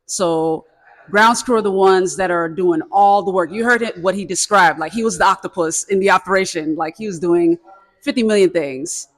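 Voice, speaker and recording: A man hosts an interview in a slightly high voice. He stays calm and explains ideas to the audience in an even way. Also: normal speed. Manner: calm, explains concepts to the audience between brief affirmations. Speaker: podcast host. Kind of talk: casual interview.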